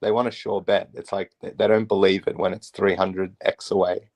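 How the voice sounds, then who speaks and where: Hoarse, gravelly man. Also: low-pitched, flat delivery, moderate pace, a little mellow. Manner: laid-back storyteller, quotes friends. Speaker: guest speaker. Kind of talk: casual chat.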